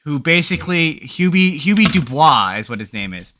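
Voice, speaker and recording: A man's voice: on the high side, big pitch swings, normal speed, sharp tone, slight background noise. A man co-hosting a podcast, chatting casually and rambling through movie plots with lots of fillers and restarts. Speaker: podcast co-host. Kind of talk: casual chat.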